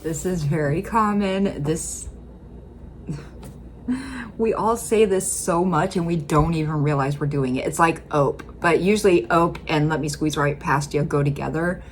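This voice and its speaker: A woman with a Midwestern accent rambles casually in a low voice, chatty and full of fillers as she comments on a video. A faint hum hangs behind her close mic. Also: measured pace. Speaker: reaction video host.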